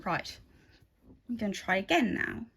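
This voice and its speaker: A woman's voice: mid-range voice, animated, a little slow, creaky, a bit bright, slightly rough. Chatty woman rambling while she stitches. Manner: rambling, chatty, with many asides. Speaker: craft vlogger. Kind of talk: casual chat while stitching. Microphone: phone.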